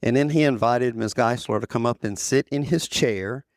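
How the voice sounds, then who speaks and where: Older man with a gravelly voice. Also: medium pitch, dry recording, studio quality. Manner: unhurried storyteller, repeats phrases, quotes others. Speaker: interview guest, former association president. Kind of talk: storytelling in conversation.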